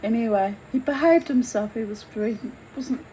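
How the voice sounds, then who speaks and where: A woman telling her own story in a candid, blunt and animated way, swearing freely as she goes. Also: a little high, normal speed, a little hiss or hum, rough recording. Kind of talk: candid first-person storytelling.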